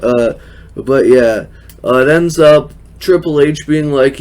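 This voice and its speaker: A man's voice: mid-range voice, slow pace, darkish tone. Chatty man casually recapping a show. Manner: chatty, laughs often, frequent fillers. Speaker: wrestling recap host.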